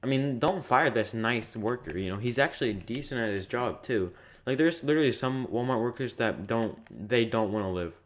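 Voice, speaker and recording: A man's voice: mid-range voice, expressive, moderate pace. A young man telling a story in a casual, rambling, repetitive way, sounding exasperated. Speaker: vlogger.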